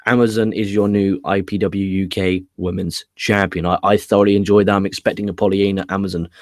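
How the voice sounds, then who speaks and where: A man's voice: sits low, flat delivery, a little fast, dry recording, clean studio sound. A man giving a casual wrestling show review, chatty, with casual swearing and frequent restarts. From England.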